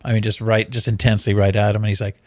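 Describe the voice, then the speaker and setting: A man's voice: fairly low pitch, racing, no echo. A man hosting a casual podcast, rambling and swearing as he retells movie plots. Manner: rambling, profane, animated storyteller. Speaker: podcast host.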